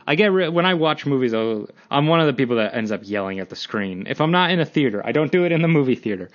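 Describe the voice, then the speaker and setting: Young male podcast host, rambling and self-mocking, mid-pitched voice, dull lo-fi recording. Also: animated, fast talker. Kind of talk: casual solo podcast rambling.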